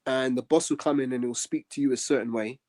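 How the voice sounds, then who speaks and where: Male co-host, mellow mid voice, earnest and measured scripture commentary. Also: mid-range voice, steady tone. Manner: earnest, measured, many "um" pauses. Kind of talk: religious podcast discussion.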